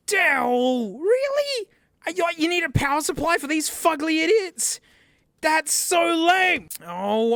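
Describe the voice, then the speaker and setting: A young man chatting casually in a vlog, slangy and excitable, groaning and yelling as he tests gadgets. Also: very high voice. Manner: excitable, slangy, yells and groans while testing gear. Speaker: tech reviewer.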